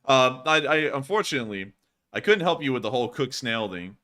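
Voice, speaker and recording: Bright-voiced chatty male host. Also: medium pitch, very animated, brisk. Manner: chatty, laughs easily, stock sign-off phrases. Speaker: livestream host. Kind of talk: casual livestream Q&A.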